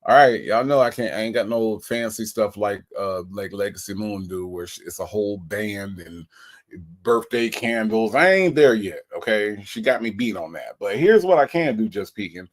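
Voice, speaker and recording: A man's voice: on the low side, animated, normal speed. A man hosting a casual livestream, reading out viewer comments and greeting each one in a playful way. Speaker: livestream host.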